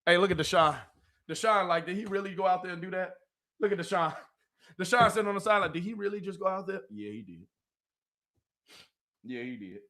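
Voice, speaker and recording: A man hosting a live watch party. He gives excited fan commentary on a football game, laughs often, and keeps talking to his chat. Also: sits high, quick pace.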